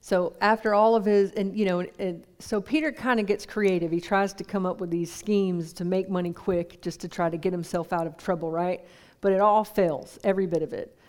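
A woman's voice: lowish voice, fairly even intonation, a little fast, few pauses, a little mellow. A woman preaching a sermon in a conversational way, putting questions to the congregation.

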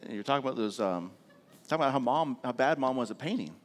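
A man's voice: mid-range voice, lively intonation, fast talker. A middle-aged man, preaching a sermon as pastor in a conversational, self-deprecating storytelling way, often checking in with the congregation.

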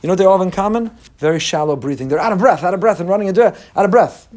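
A man teaching a Torah lesson, earnest and repetitive, swinging between emphatic lists and quiet asides. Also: sits high, very fast. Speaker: rabbi teaching a class.

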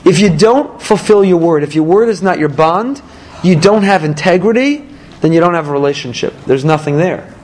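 A middle-aged man teaching a lively Torah lesson to a small live audience, talking emphatically and often jumping into high-pitched quoted voices. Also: moderate pace, rough recording. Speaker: rabbi teaching a class. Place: room with a small listening audience.

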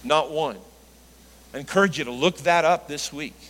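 Animated pastor preaching in a reverberant hall. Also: male voice, normal speed. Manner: animated, rising into emphatic high pitch on quoted lines. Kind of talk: sermon.

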